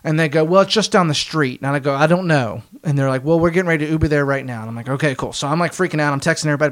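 Late-20s man, slightly high voice, animated casual storyteller who acts out quotes. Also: very fast, hardly any pauses.

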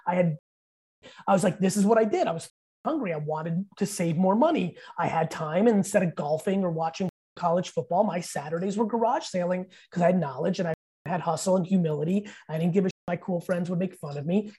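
A man's voice: high voice, dark tone, husky. A man in his fifties, a podcast guest, telling profane, emphatic stories in casual chat and acting out what people said. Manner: profane, emphatic storyteller who acts out quotes.

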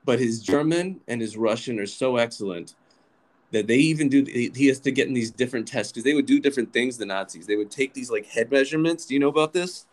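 A man in mid-pitch tells a story as a guest, in a loose, animated way. He keeps restarting sentences and piling on fillers as he goes. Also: quick pace, poor audio. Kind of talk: casual storytelling.

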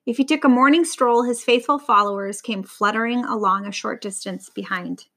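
A woman reading a storybook aloud to a child, in an expressive, lively way. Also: on the high side, normal speed.

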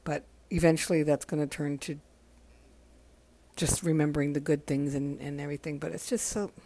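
A woman in her forties hosting a podcast, talking casually in a soft, halting way, worn out from crying. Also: low-pitched, fairly even intonation. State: exhausted from crying. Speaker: podcast host. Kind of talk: casual spoken tribute monologue.

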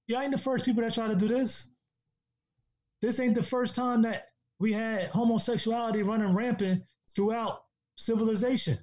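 A man's voice: high voice, mellow. A man in a casual podcast discussion, talking in an emphatic, preachy way and repeating himself for stress. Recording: dull lo-fi sound.

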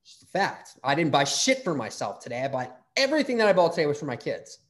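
A man's voice: a little high, quick pace. Rambling, salty middle-aged male host. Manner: rambling, profane, lively storyteller. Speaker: podcast host. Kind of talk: casual interview chat.

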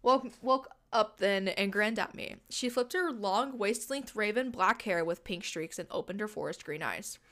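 A woman's voice: medium pitch, moderate pace, hardly any pauses, a bit bright. A young woman co-hosting a casual podcast, reading fanfiction aloud with giggly asides and jokes. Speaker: podcast co-host.

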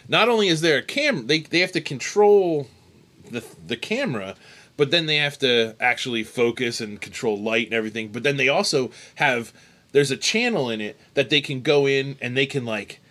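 A man's voice: medium pitch, animated, moderate pace, fairly bright tone. A man hosting a casual chat show, telling stories in a rambling way with many restarts and laughs. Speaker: host.

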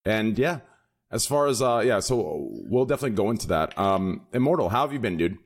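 Laughing, excitable podcast host man. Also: lowish voice, fairly quick. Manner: excitable, laughs and repeats himself. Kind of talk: casual podcast chat.

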